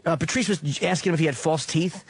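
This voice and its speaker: A man's voice: fairly high pitch, fast talker, vocal fry, heavy background noise. A man reminiscing casually about a fellow comic, hesitant and restarting often. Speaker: comedian.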